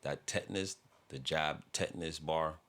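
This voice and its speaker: A man's voice: extremely low pitch, moderate pace, a bit bright. A man hosting a music reaction video, talking in a laid-back, rambling way with frequent laughs and casual swearing.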